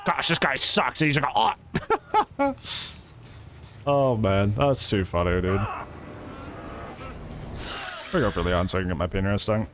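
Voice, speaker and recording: This man streams a game live, his lowish, fairly bright voice moving at a moderate pace with slight background noise behind it. Chatty and casual, he greets his chat, laughs a lot, and reacts to the match as it plays out.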